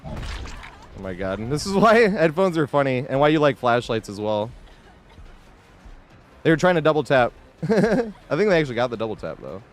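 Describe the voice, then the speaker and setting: A male game streamer talking casually with his chat while he plays. His pitch swings up and down a lot, he curses freely, and he breaks into laughter between lines. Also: very animated, normal speed, long pauses, faint music behind. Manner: swears freely, laughs often, reacts to chat and gameplay. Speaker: live streamer.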